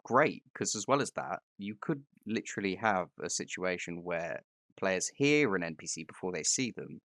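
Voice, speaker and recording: A man's voice: low-pitched, expressive, moderate pace, a bit bright, dry recording, clean studio sound. A man co-hosting a casual discussion about game mastering, talking with enthusiasm and vivid description. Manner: enthusiastic, descriptive, agreeing readily.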